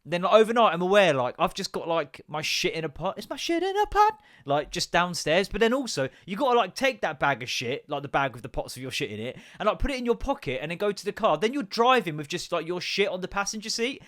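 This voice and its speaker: A man's voice: high voice, expressive, fast talker, hardly any pauses, fairly bright tone, no echo, clean studio sound. Sweary rambling podcast man. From England. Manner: sweary, rambling, self-mocking. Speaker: podcast host. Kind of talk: casual solo podcast rant.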